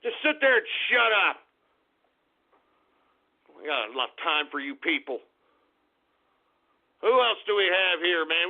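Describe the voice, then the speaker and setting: A man with an unusually high, gravelly voice rants as a talk radio host, cursing and yelling at his listeners. The sound is thin and tinny, like it's coming through a phone line. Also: animated, a little slow, pauses often. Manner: angry, cursing, shouting tirades. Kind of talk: ranting talk radio, reading out chat names.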